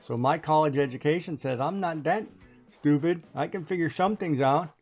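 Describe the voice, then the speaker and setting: A woman's voice: low-pitched, normal speed, a little mellow, breathy edge, faint music behind. Chatty woman telling stories while streaming. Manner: chatty storytelling, laughing often. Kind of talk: casual chat while playing a game.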